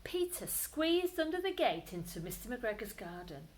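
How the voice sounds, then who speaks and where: A woman, a primary school teacher, reading a bedtime story aloud to children, expressive, with whispered asides. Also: on the high side, moderate pace, rough recording.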